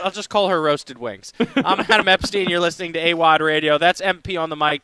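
Bright, high-voiced male radio host. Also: clear, resonant tone, no echo. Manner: upbeat, chatty, repeats phone numbers. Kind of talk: live sports radio talk. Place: radio row at a sports event.

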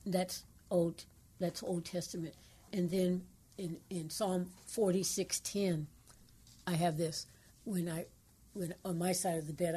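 Woman, radio co-host, mellow, low voice, earnest, quotes scripture. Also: husky. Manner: earnest, devotional, quotes scripture, dips into hushed asides. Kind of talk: radio call-in talk.

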